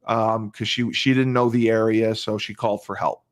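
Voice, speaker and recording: A man's voice: lowish voice, little pitch movement, moderate pace. A male podcast host retelling a crime case in casual talk, emphatic, repeating phrases and restarting often.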